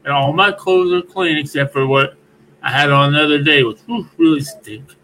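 A man on a morning talk show describing his own chores in plain, halting, self-deprecating talk. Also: a little high, sharp tone, a little hiss or hum, rough recording. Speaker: radio show co-host. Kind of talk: casual chat.

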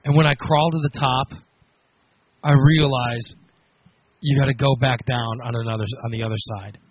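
Husky-voiced man telling a funny story. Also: medium pitch, moderate pace, dry recording, highs cut off. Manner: animated, laughing, self-mocking storyteller. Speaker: radio host. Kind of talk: casual on-air storytelling.

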